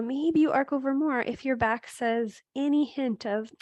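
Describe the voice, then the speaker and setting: A woman teaching a gentle yoga class, giving steady cues with chatty asides and laughing at her own slips. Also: a little high, normal speed, hardly any pauses, no room sound, muffled recording. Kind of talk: guided yoga class instruction.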